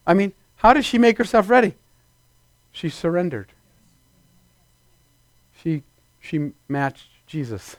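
Playful preacher with a dry close sound. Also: male voice, sits high, sing-song, slow, long pauses, dry recording. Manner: conversational, playful, acts out little scenes in put-on voices. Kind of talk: sermon. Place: church before a congregation.

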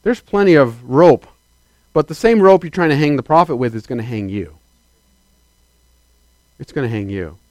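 With an expressive mid-range voice, this pastor moves at normal speed and pauses often, captured in a dry recording. His sermon alternates booming declarations with hushed asides as he urges the congregation to affirm him.

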